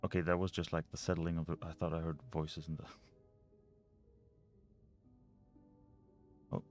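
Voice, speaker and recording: A man's voice: low voice, little pitch movement, fast talker, darkish tone, faint music behind. A man playing a mystery video game, reading notes and letters aloud and muttering over the puzzles. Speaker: let's play gamer.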